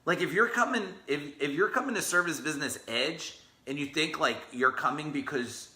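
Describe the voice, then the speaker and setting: A man's voice: fairly high pitch, moderate pace, pushed and bright. A man coaching business owners in an unscripted live stream, blunt and rambling, swearing casually. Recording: roomy echo.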